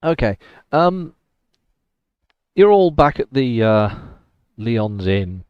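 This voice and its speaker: A man narrating a tabletop game as game master, describing scenes in a relaxed way with fillers. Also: medium pitch, slow pace, clean tone, no room sound. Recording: dull dry lo-fi recording.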